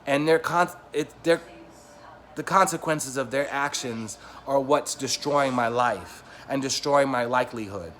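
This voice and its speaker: A man vlogging a personal story to the camera, talking in an emotional, rambling way that grows heated and loud. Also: mid-range voice, a little slow.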